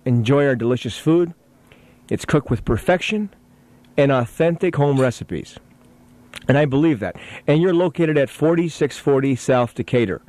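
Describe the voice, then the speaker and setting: A man's voice: mid-range voice, animated, normal speed, a little mellow, no echo. Radio host guy, bouncy up and down voice, jokey, dry close mic. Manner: jokey, teasing, talks while eating. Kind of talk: casual radio interview chat.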